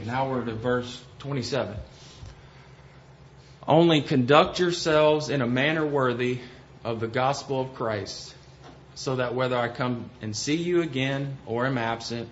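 Male Bible study teacher, hesitant explainer, dull lo-fi recording, faint hiss. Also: mid-range voice. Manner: explanatory, hesitant with frequent ums and restarts.

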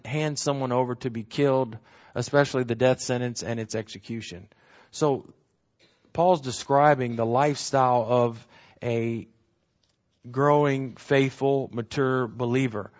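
A man leads a bible lesson, walking through scripture and defining its words. His voice sits at an ordinary middle pitch, and he repeats key lines for emphasis. The recording sounds a bit muffled and lo-fi. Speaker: bible teacher. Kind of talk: verse-by-verse bible teaching.

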